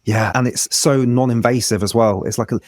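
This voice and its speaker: A man's voice: medium pitch, fairly even intonation, a little fast, a little mellow, dry recording. A man, a breath work coach, explaining techniques in a casual interview with frequent restarts.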